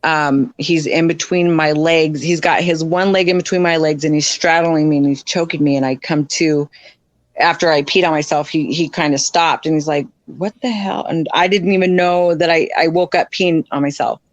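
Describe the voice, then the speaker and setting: A woman's voice: low voice, steady tone, no echo, highs cut off. A woman speaking as a podcast guest, frank and blunt, in a dry, close sound with no room around her. She talks in plain, unpolished sentences full of fillers. She jumps her voice up when she acts out other people's words. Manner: acts out others' lines in quick voice shifts. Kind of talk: candid personal storytelling.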